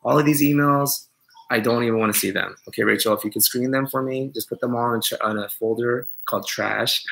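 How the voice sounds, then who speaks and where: A man's voice: medium pitch, a little fast, vocal fry, a bit bright, poor audio. A young man hosting a casual live stream, reading viewer comments and riffing on them with sarcastic, mock-offended jokes. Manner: joking, sarcastic, rambling, with mock-offended asides.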